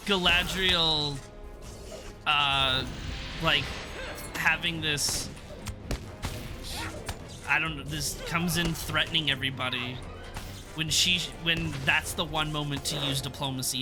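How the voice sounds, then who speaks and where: A young man chatting casually on a live stream, reviewing a TV episode in a rambling, laughing way. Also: a little high. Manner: rambling, self-interrupting, laughs often.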